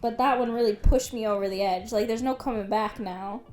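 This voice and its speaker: A woman's voice: on the high side, brisk, over a noisy crowd. Giggly young woman podcast co-host. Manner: giggly, blunt, swears freely. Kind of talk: casual chat.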